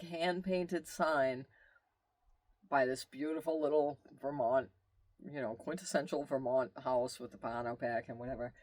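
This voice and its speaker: A man telling a long road-trip story in casual, rambling storytelling, animated, with asides and exclamations. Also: medium pitch. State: tired. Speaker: vlogger telling his travel story.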